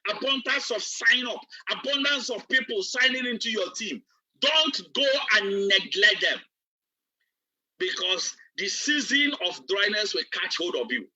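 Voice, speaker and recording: A man's voice: very high-pitched, animated, unhurried, pushed and bright. A man, a business coach giving a preacher-like motivational training, repeating himself emphatically. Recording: distant, dull lo-fi recording.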